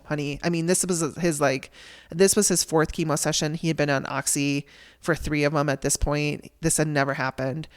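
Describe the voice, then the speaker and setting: A woman hosting a podcast, telling a raw personal story in a candid, emotional way and swearing casually. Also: sits low. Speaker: podcast host.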